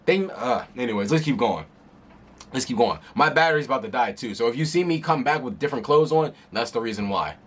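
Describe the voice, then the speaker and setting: Animated, slangy man reacting to a manga. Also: mid-range voice, a little fast. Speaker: manga reader and commentator. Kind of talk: casual reaction commentary.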